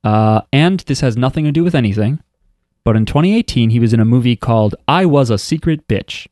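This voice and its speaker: A man's voice: mid-range voice, lively intonation, a little fast, a little mellow, no echo. Chatty man on a dry mic. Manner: rambling and chatty, with many "um" and "like" fillers. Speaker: podcast co-host. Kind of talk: casual chat.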